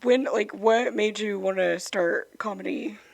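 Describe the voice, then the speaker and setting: A woman's voice: medium pitch, unhurried, gravelly. A woman in her twenties hosting a podcast, asking questions in a giggly, laid-back chat. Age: 20s. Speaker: podcast host. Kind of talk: casual chat.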